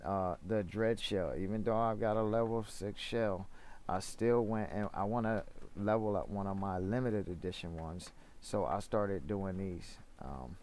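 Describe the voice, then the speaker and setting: A man's voice: lowish voice, a little mellow. A man from Florida streaming a video game, talking in a rambling, chatty way full of fillers as he plays and reads the chat. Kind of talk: casual gameplay commentary.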